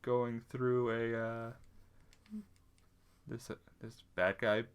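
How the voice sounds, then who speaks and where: A man's voice: medium pitch, flat delivery, takes it slowly, clear, resonant tone. A man co-hosting a casual podcast chat, rambling with plenty of fillers and restarts. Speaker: podcast co-host.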